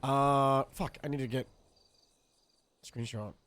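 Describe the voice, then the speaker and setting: A man's voice: medium pitch, fairly even intonation, slow, a bit bright, smooth. A man streaming a role-play game, chatting casually in a rambling, profane way. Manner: laid-back, rambling, profane.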